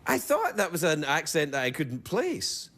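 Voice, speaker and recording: A man's voice: a little high, wildly swooping pitch, moderate pace, fairly bright tone. A man hosting a late-night talk show, teasing his guest in joking, rambling banter. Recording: noisy studio broadcast recording.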